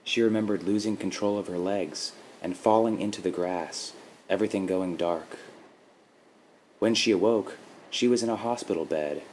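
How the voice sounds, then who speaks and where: A man narrating a short story in a steady, measured reading style, with faint background noise. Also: deep voice, rough recording. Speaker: podcast host and story reader.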